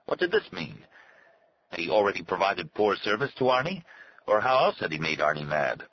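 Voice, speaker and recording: A male narrator reads a novel in a very deep, steady voice. The recording sounds dull and lo-fi, with a faint hiss behind him. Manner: steady, measured reading. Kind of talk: scripted audiobook narration.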